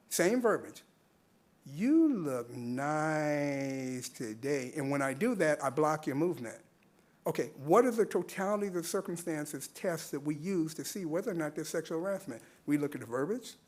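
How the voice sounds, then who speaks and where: A man's voice: fairly high pitch, darkish tone. A man speaking earnestly at a public meeting, using rhetorical questions and repeating points for emphasis at a podium microphone. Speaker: public commenter. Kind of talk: public comment at a civic meeting.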